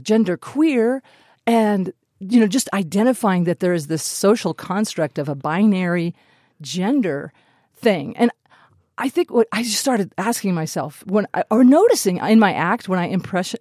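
A comedian woman in a radio studio interview, animated and playful, laughing often and shifting her voice for bits. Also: medium pitch, no echo. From Colorado. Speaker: comedian guest.

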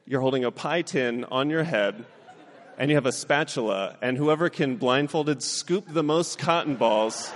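A man's voice: mid-range voice, a little slow, some chatter behind. A man in his thirties from Southern California doing a stand-up set, acting out voices and laughing through his punchlines. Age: 30s. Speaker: stand-up comedian, then guest. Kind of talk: stand-up comedy set, then casual interview chat. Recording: hall reverb, faint background noise.

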